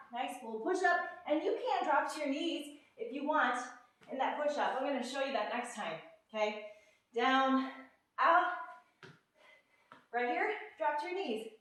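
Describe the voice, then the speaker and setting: A woman's voice: sits high, fairly bright tone. A woman fitness instructor leading a workout, counting reps and cueing moves while out of breath and upbeat. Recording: echoey room, from a distance.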